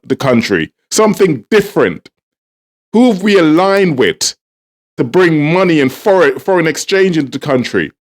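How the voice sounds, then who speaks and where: Heated man ranting. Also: fairly high pitch. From Trinidad and Tobago. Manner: heated, repetitive, exasperated. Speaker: political commentator. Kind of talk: ranting political commentary.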